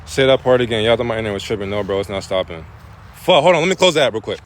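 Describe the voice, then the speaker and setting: A man talking casually on a live spiritual stream, loose and profane with street slang, breaking into animated preaching. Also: on the low side, racing, a little hiss or hum.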